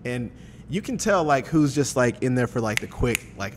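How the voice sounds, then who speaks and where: Male guest, casual and animated, fillers and swearing; roomy reverb. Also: mid-range voice, moderate pace, background noise. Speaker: guest photographer. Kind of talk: casual podcast chat.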